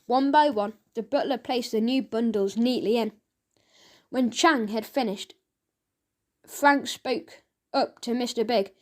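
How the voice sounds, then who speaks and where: High-voiced woman narrating a children's audiobook. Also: measured pace. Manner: lively, expressive storytelling.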